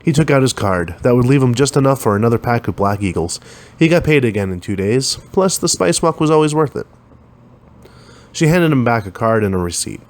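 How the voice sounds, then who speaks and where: A man's voice: medium pitch, lively intonation, brisk. A man reading a science fiction story aloud, lifting his voice a little for the dialogue. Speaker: narrator.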